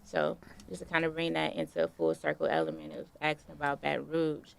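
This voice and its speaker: A young woman being interviewed, telling stories in a relaxed, casual way with plenty of fillers. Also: low-pitched, fairly quick, vocal fry, smooth. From Detroit. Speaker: guest artist.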